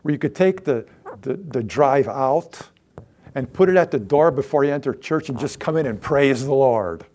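A pastor preaching a sermon, his voice rising loud and dropping to near-whispers as he reads scripture and talks to the congregation. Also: mid-range voice, normal speed. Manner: lively, rises loud then drops to near-whispers.

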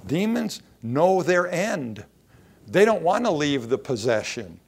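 A man's voice: on the high side, big pitch swings, takes it slowly, creaky, darkish tone, husky. A male pastor preaching a sermon, quoting scripture and raising his voice for emphasis.

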